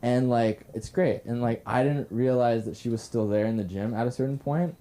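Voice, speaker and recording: A man's voice: medium pitch, normal speed, dark tone. A young man telling a self-deprecating story at an open mic, rambling with many fillers and restarts. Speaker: stand-up comedian at open mic. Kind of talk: stand-up storytelling. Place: comedy club stage.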